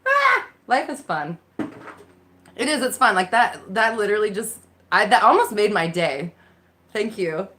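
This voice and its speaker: Woman coach on a live stream through her phone, bright voice, big swoopy pitch, laughing and swearing casually. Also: very animated, unhurried, long pauses, slight background noise. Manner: laughs often, swears casually, reacts to chat comments. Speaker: live Q&A host, mindset coach.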